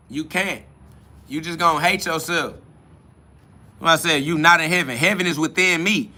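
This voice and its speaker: A man's voice: a little high, moderate pace, long pauses, sharp tone. A man hosting a podcast, answering listener comments in a profane, mocking spiritual rant.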